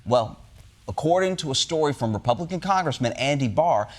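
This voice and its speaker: Male comedy host, high voice full of swings, sarcastic punchlines, noisy recording. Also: animated, a little fast. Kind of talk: comedic monologue.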